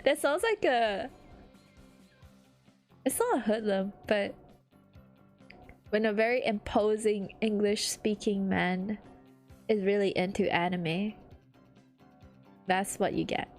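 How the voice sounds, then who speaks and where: A woman streamer in casual chat, laughing often and breaking into high-pitched giggles. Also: slow pace, pauses often, faint music behind.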